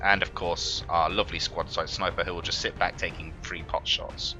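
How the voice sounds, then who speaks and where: A man's voice: low-pitched, little pitch movement, moderate pace, highs cut off, music in the background. A man commentating his own strategy game run, swearing and prone to exasperated outbursts. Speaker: gaming let's player. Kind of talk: let's play commentary.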